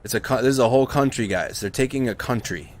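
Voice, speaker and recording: A man's voice: medium pitch, quick pace, slight background noise. A man hosting a live news stream, commenting casually and correcting himself as he goes. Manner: rambling, self-correcting.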